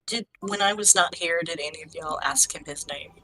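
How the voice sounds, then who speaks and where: A woman's voice: sits low, moderate pace, bright, forceful tone, rough recording. A woman playing in a tabletop game, asking eager, inquisitive questions. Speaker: player. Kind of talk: casual tabletop play.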